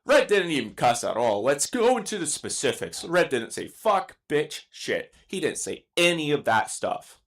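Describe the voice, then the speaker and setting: A young man with a high, light voice rants through his commentary. He sounds exasperated and emphatic, swearing now and then as he argues his case. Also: very animated, moderate pace, few pauses, fairly bright tone. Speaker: streamer giving commentary. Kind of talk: ranting commentary.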